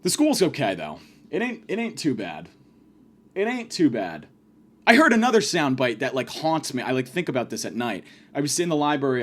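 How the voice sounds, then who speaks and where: A man's voice: mid-range voice, a bit bright. A young man ranting in a profane, exasperated comedy monologue. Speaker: podcast host. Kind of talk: comedic rant.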